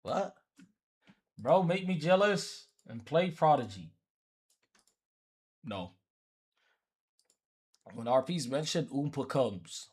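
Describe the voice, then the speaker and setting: A man's voice: on the high side, animated, slow, pauses often, darkish tone, slightly rough. A man from Africa chatting casually on a livestream, teasing people and repeating himself as he talks back to his chat.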